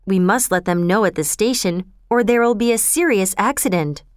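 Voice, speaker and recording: Woman reading brave young boy, urgent, commanding, clear, dry close sound. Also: mid-range voice, normal speed, dry recording, close to an everyday voice. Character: brave bossy young boy, quick to lead.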